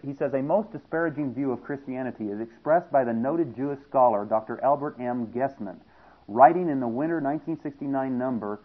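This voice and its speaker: A man delivering an emphatic radio sermon, reading passages aloud and swinging between loud stress and quiet asides. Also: medium pitch. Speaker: preacher. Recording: tinny lo-fi radio broadcast.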